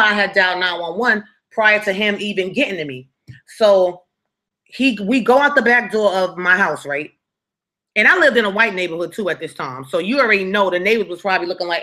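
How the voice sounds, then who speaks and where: A woman's voice: mid-range voice, sharp tone. A young woman telling a dramatic story from her past to her viewers in a casual, conversational way, often checking in with "right?" and "you feel me". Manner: dramatic and conversational, with frequent tag questions to the viewer. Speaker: storytime vlogger.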